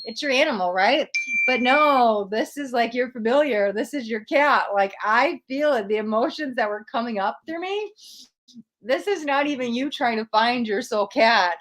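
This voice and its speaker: A woman's voice: on the high side, a bit bright. Emotional woman giving live tarot readings. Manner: emotional, gushing, talks straight to viewers.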